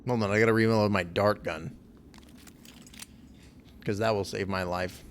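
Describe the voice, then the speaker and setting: A man's voice: fairly low pitch, fairly even intonation, measured pace, slight background noise. A young man swearing and joking sarcastically as he plays a game on a live stream. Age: young adult.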